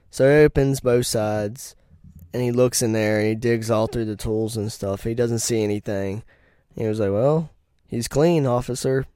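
Young man, blunt and crude, mellow tone, dry close recording. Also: fairly low pitch, no echo. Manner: blunt, profane, laughs at own stories. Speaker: podcast host. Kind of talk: casual profane storytelling.

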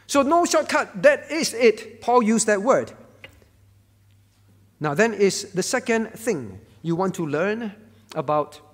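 Male pastor, high-pitched, emphatic sermon delivery, recorded in a reverberant church hall. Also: sing-song, slow. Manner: emphatic, repeats key words, rhetorical questions.

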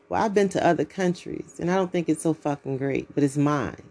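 A woman's voice: fairly low pitch, normal speed, few pauses, warm tone. Outspoken, profane woman podcast host. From United States. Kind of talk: blunt solo podcast monologue.

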